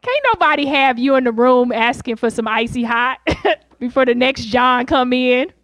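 A woman's voice: sits high, moderate pace, fairly bright tone, dry recording. A woman in her thirties doing wry, chatty stand-up storytelling. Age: 30s. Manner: wry, chatty, laughs between lines.

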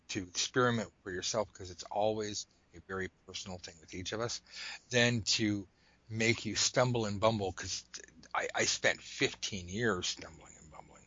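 An adult man casually demonstrating a tarot card method at a table indoors, talking in a rambling, joking way with animated asides. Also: fairly low pitch, no room sound, dull audio. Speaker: tarot reader teaching a method.

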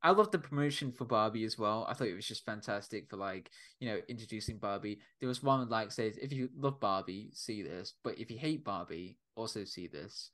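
A man's voice: fairly low pitch, a little fast, few pauses. A man co-hosting a casual film review podcast, talking loosely with many fillers. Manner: animated, loose, many fillers like 'like' and 'you know'. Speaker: podcast co-host.

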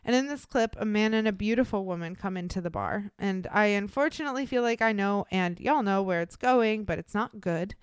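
A woman's voice: mid-range voice, brisk, hardly any pauses, smooth, no room sound, studio quality. A young woman co-hosting a podcast, telling a true-crime story in casual, blunt, profane talk full of fillers. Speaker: podcast co-host.

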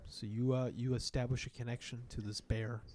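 A young man runs a tabletop game in a relaxed, joking manner, with plenty of fillers. His voice has an average pitch and a dark, mellow tone. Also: fairly quick, slight background noise. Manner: joking, laid-back narration with fillers. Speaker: game master.

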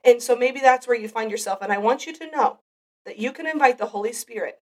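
A woman's voice: on the high side, brisk, distant mic. A woman hosting a devotional podcast, giving an earnest, heartfelt Bible teaching. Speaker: podcast host.

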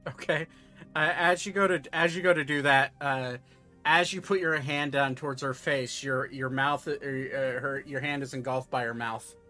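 A man acting as game master for a tabletop role-playing session, with a voice of ordinary pitch for a man. He narrates the story and rulings in a loose, halting way, full of filler sounds and self-corrections. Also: fairly even intonation, bright, forceful tone, faint music behind.

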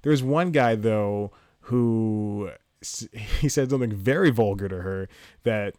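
A man talks alone into his podcast mic at home, rambling loosely and poking fun at himself. His voice sits low, and the sound is close and dry, with almost no room around it. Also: takes it slowly, darkish tone, no echo. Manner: rambling, self-mocking, laughs at own jokes; jumps into high-pitched impressions mid-story. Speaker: podcast host. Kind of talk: solo casual podcast chat. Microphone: home podcast mic, solo at laptop.

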